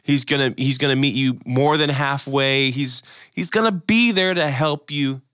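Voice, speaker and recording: A man's voice: mid-range voice, normal speed, sharp tone, smooth. A man in his thirties chatting casually about faith, telling stories animatedly and acting out other people's lines. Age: 30s.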